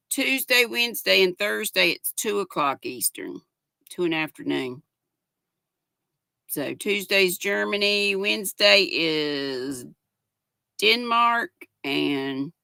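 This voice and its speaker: Her voice is mid-range, creaky, bright, and forceful, recorded with no echo. She is an older woman from the United States with a Southern accent, hosting a casual livestream at home where she reads viewer comments and greets them by name in a folksy style.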